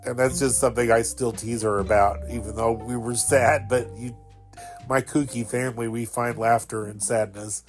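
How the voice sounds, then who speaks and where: A man's voice: medium pitch, steady tone, normal speed, faint music behind. A man in his fifties hosting a podcast, telling a personal story in a rambling, fond way, with many fillers and laughs. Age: 50s. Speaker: podcast host.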